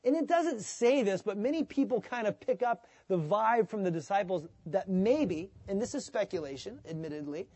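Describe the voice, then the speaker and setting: A man preaching a sermon as pastor, in a conversational, animated way, sometimes acting out the voices of the people he quotes. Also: high voice, normal speed, hardly any pauses, dry recording.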